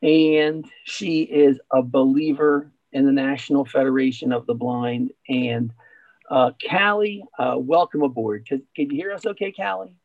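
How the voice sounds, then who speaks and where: A man's voice: mid-range voice, fairly even intonation, measured pace, no room sound. A man hosting an event, telling a joke and introducing a speaker, rambling with many fillers and restarts. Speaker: event host. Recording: dull, dry sound.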